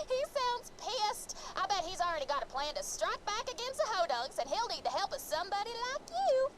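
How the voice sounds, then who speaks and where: A crude wisecracking backwoods gal. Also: female voice, very high-pitched, very animated, moderate pace, very noisy. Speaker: game character.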